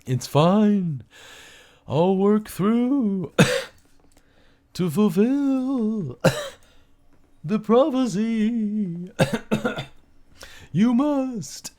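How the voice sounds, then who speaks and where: A man doing a high, grand spirit mentor. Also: expressive, mellow, full character voice. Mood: straining. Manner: slow, grand, drawn-out proclamations. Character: solemn ghostly male mentor giving a prophecy.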